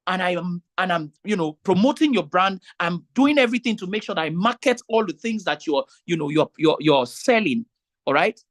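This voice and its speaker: A man's voice: high-pitched, expressive, fairly quick, fairly bright tone. Emphatic pleading man. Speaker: event MC addressing vendors. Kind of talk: meeting talk.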